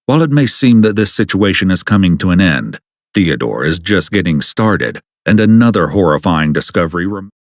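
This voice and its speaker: A man giving scripted true-crime narration in a measured, grave, dramatic delivery. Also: low voice, big pitch swings, no room sound, studio quality.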